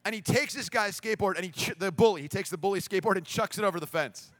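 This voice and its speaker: Telling a story during his sermon, a high-voiced pastor speaks fast and acts out the voices of the people in it with animation. There's no echo in the recording.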